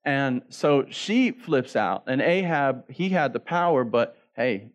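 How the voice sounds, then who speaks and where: Joking casual preacher, slightly dull sound. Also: male voice, medium pitch, expressive, slow. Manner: casual, joking preacher who acts out the story in quoted voices. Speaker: pastor. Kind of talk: sermon.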